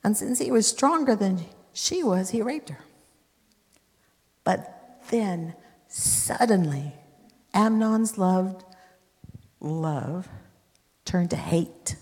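A woman's voice: medium pitch, lively intonation, very slow, pauses often, darkish tone. A woman preacher retelling scripture in a sermon, emphatic with conversational asides. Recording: long hall reverb.

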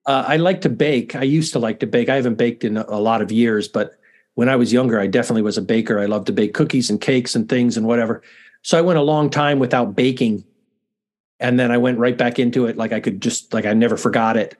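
A man's voice: mid-range voice, fast, a little mellow. A middle-aged man, a university dean, chatting as a guest in a casual interview, self-deprecating and often restarting his sentences.

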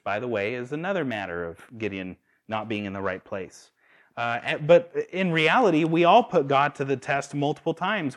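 A man preaching a sermon, asking his listeners rhetorical questions. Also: mid-range voice. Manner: animated, asks the audience rhetorical questions.

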